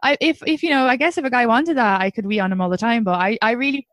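High-voiced giggly woman host. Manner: giggly, quick to react. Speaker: podcast host. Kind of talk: casual chat.

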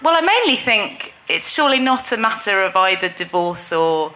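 A woman's voice: medium pitch, sing-song, moderate pace, pushed and bright, slight background noise. Wry woman answering on a comedy panel. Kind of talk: panel chat.

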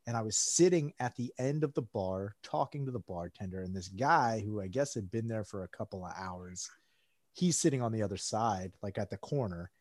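A man talks loosely and profanely, packing his story with "like" and voiced-out quotes. His pitch sits in the middle for a man. The sound is dry and close, with no room around it. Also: a little mellow, no room sound. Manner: rambling, profane, lots of "like" and acted-out quotes. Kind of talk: casual storytelling chat.

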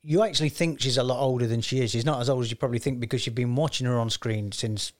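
A man's voice: mid-range voice, fast talker. A man hosting a casual podcast chat, rambling and laughing as he talks. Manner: chatty, rambling, laughs often. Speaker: podcast host.

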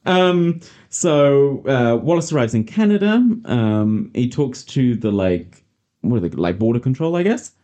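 Woman, British, podcast host, very low pitch, mellow tone, casual film recap chat. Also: sing-song, measured pace. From Britain. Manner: chatty, recaps plot with many fillers and laughs. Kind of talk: casual movie-review chat.

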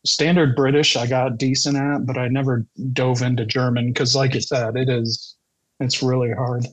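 A man who once worked as an actor, explaining things slowly in casual podcast chat. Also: mid-range voice, flat delivery, poor audio. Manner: slow, explanatory.

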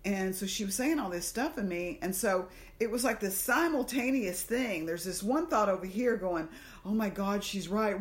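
A woman's voice: mid-range voice, lively intonation, normal speed. A woman from the American South co-hosting a podcast, telling a personal story in a casual conversation and acting out the voices in her head. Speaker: podcast co-host.

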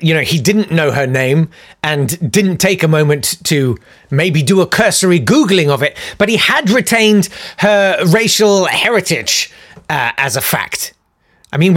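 A man's voice: on the high side, no room sound, studio quality. A man hosting a podcast, delivering a sarcastic, ranting comic monologue to his listeners. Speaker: podcast host.

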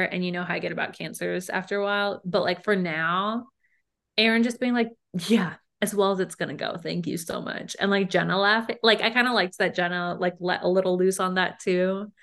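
A woman's voice: medium pitch, sharp tone. A young woman co-hosting a podcast, telling personal stories candidly and emphatically. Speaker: podcast co-host. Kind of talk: casual chat.

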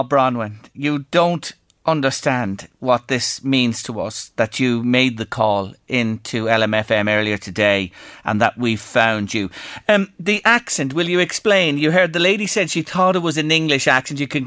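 An Irish man presenting a radio talk show into a studio microphone. He talks in a gentle, earnest manner, his mid-range voice sitting close and dry with no room around it. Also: medium pitch, animated, normal speed, dry recording.

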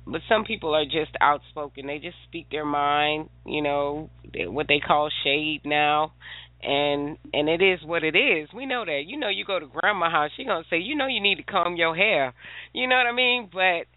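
A woman's voice: sits low, moderate pace, no room sound. A woman caller from South Carolina, chatting and laughing between her points. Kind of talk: call-in chat. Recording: tinny dry phone line.

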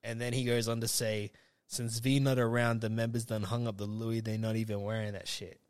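A man's voice: medium pitch, level tone, brisk, clean tone. Rambling man on a podcast. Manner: rambling, lots of fillers and restarts. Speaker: podcast co-host. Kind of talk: casual chat.

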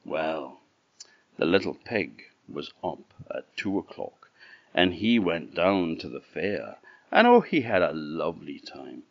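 A man with an Orkney Scottish accent telling a folk tale, his deep voice rising and falling in a wide, lively sweep. He takes his time, and the recording is dry and a little dull and lo-fi. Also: slow, gravelly, dry recording. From Orkney, Scotland. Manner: lively, expressive storyteller. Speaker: storyteller.

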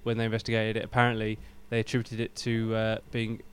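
A man's voice: fairly low pitch, completely flat delivery, quick pace, slight background noise. A man co-hosting a casual podcast chat, recounting facts with a few ums. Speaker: podcast co-host.

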